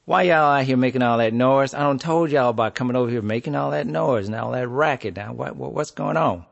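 A man's voice: medium pitch, a little fast, creaky, highs cut off, lightly acted. A man voicing a stern but kind old woman neighbor, drawling and scolding in a told story. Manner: drawling, scolding, murmurs "mm-hmm". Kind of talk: storytelling performance.

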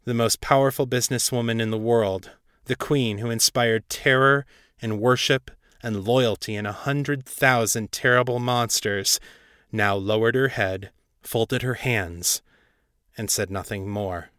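A man hosting a podcast, narrating a fantasy story in an even, measured way. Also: mid-range voice, smooth, dry recording, clean studio sound. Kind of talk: reading a fantasy story aloud.

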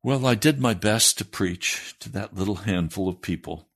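A man's voice: lowish voice, moderate pace, fairly bright tone. A man, a pastor, reading a story aloud in a sermon, raising his voice for the quoted lines.

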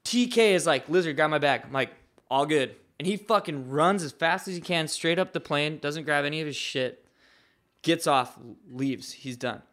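A man with a somewhat high voice telling a wild story as a podcast guest. He talks loosely and profanely, packing his sentences with fillers. The delivery stays animated and casual throughout. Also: normal speed. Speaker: guest, professional skateboarder.

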